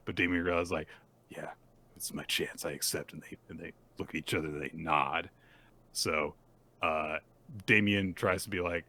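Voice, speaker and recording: A man's voice: sits low, fairly even intonation, moderate pace, bright, forceful tone, dry recording. A man co-hosting a podcast, casually recapping manga and acting out the characters' lines with laughs. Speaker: podcast co-host.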